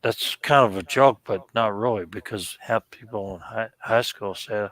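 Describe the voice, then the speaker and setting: A man's voice: fairly low pitch, moderate pace, a bit bright. A man hosting a casual online hangout, easygoing and prone to repeating himself. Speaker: hangout host. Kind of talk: casual chat. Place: home, online call.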